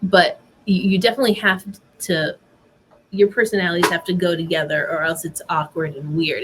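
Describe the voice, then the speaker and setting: A woman's voice: fairly low pitch, fairly even intonation, a little fast, a bit bright, breathy edge. A woman speaking as a guest on a casual podcast, chatty with lots of "like" and "um". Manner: casual, fillers like "like" and "um". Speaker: guest, concert photographer. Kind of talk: casual interview chat.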